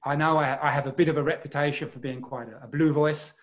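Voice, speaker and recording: A man's voice: on the high side, fairly even intonation, fast. English man presenting on a video call. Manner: clear, precise explaining with rhetorical questions. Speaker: web seminar presenter.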